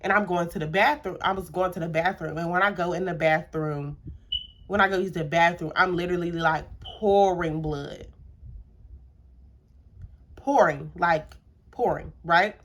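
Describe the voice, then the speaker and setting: Speaking to camera in a relaxed, chatty way, a young woman vlogger tells a personal story, circling back over points and using plenty of fillers. Her voice is on the low side, steady, fairly quick, and fairly bright in tone.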